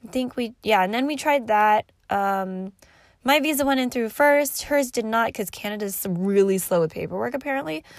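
A woman in her thirties with a fairly high voice tells a personal story in a loose, rambling way. She swears freely and leans on fillers. Her voice sounds dry and close. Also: moderate pace, no room sound. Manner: rambling, profane and animated, with many fillers. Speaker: vlogger. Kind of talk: casual storytelling.

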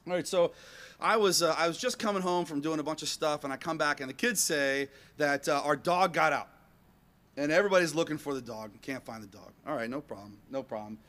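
A man telling an animated personal story to an audience in a rambling, self-mocking way, acting out bits of dialogue. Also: fairly high pitch, a little fast.

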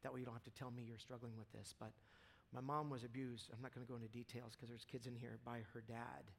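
A male pastor delivers a sermon in a casual, conversational way. His medium-pitched voice moves between hushed, quiet stretches and loud, intense outbursts. He talks to a congregation in a church hall. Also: level tone, fast talker, gravelly. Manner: casual preaching, swings from hushed to loud and fervent.

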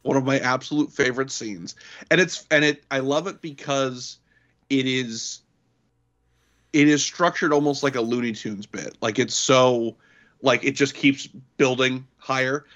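A man's voice: mid-range voice, measured pace, a bit bright. A man co-hosting a casual podcast chat about a movie, rambling through scenes with lots of fillers. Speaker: podcast co-host. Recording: dull lo-fi audio.

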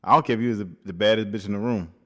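A man's voice: fairly low pitch, very fast. A man co-hosting a podcast in casual chat, laid back and reflective. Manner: laid-back, talks it through with fillers. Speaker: podcast co-host.

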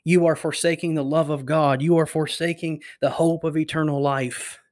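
A man's voice: a little high, little pitch movement, normal speed, darkish tone. A man preaching a sermon, emphatic, building through repeated phrases. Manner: emphatic, repetitive preaching cadence.

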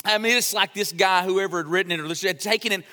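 A young pastor preaches in a church sanctuary as a chatty, joking storyteller. His voice is high and bright. The long reverb of the hall trails after every phrase. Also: fast talker. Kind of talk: sermon.

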